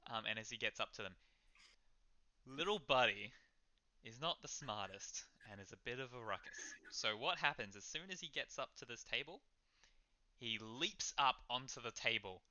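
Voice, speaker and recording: A man's voice: mid-range voice, lively intonation, normal speed, bright, forceful tone, dry recording. A man narrating as game master in a casual, rambling way with many fillers, on a slightly dull lo-fi recording. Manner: casual, filler-heavy storytelling.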